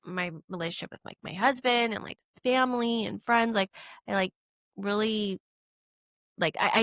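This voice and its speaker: A woman's voice: medium pitch, fairly bright tone, no room sound, clean studio sound. A young woman co-hosting a podcast, telling her story candidly and emotionally, with many fillers. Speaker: podcast co-host. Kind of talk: casual conversation.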